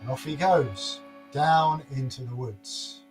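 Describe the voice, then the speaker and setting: A man's voice: medium pitch, slow pace, over music. A man telling a folk tale aloud in a playful, repetitive storytelling manner.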